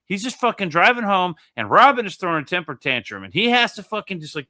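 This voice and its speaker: A man co-hosting a casual comic-book discussion, talking in an animated, profane way. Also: sits high, fast, no room sound, studio quality. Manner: animated, profane, acts out voices in bursts. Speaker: podcast co-host.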